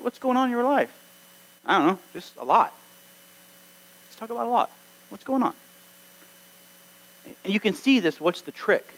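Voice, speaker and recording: High-voiced man preaching a sermon. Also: a bit bright, poor audio. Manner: earnest, exhorting, acts out quoted dialogue. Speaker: pastor.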